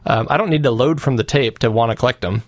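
A man's voice: mid-range voice, fast talker, dry recording, clean studio sound. A man from the United States hosting a podcast, chatting in a jokey, playful way. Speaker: podcast host. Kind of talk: casual chat.

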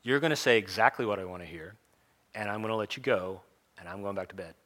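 Dude doing a tired sarcastic governor, impatient, talks like a wiseguy, bright voice. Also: male voice, fairly low pitch, fast talker, in a large hall, lightly acted. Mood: exasperated. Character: weary blunt middle-aged male Roman governor.

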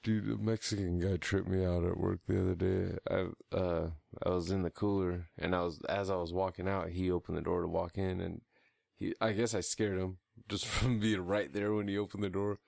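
A man's voice: low voice, little pitch movement, moderate pace, gravelly, darkish tone, dry recording, clean studio sound. A young man co-hosting a podcast, swearing and laughing through crude, teasing banter. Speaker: podcast co-host.

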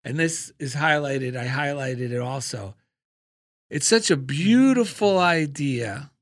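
A man with a notably high voice hosts a spiritual talk show in relaxed, chatty conversation. He tells stories with animated energy and breaks into loud cartoonish impressions. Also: slow. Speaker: radio show host.

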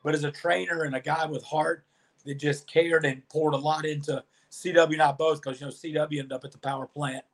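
A man with a somewhat high voice tells stories as a podcast guest. He is animated and chatty, and he acts out other people's lines as he goes. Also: a little fast. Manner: animated storyteller, acts out quoted dialogue. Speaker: podcast guest, former pro wrestler. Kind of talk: storytelling interview answers.

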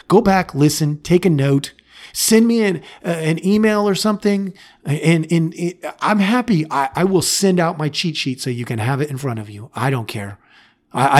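A middle-aged man with a voice of ordinary pitch hosts a podcast and speaks plainly and earnestly to parents. He talks in a direct, casual way and slips into the voices of parents and kids to show how a talk might go. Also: darkish tone. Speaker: podcast host and family therapist.

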